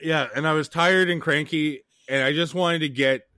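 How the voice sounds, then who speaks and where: A man's voice: a little high, fairly even intonation, normal speed, sharp tone, no echo, clean studio sound. A man from Canada co-hosting a podcast, telling a travel story in a profane, ranting way. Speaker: podcast co-host. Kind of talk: casual chat.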